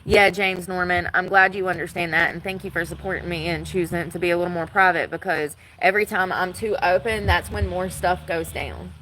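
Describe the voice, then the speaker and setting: A woman's voice: fairly low pitch, fairly even intonation, fairly quick, hardly any pauses, pushed and bright, a little hiss or hum, poor audio. Blunt, fiery woman streaming. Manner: blunt, fiery, talks back to chat. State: worn out. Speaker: livestreamer. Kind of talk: casual livestream chat.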